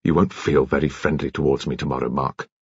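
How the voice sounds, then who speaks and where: A grave old colonel, as a male narrator puts him on, deep and husky, weighing every word with quiet misery. He sounds subdued and measured, dropping into a low, hushed register. The audiobook recording is dry and a little muffled. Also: animated, no echo, full character voice.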